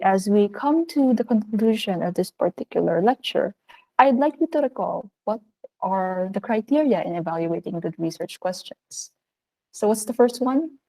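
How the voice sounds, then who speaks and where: Woman, Filipino accent, teacher, recorded video lesson, upbeat, animated, mellow voice, middle pitch. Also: gravelly, low-quality recording. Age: adult of working age.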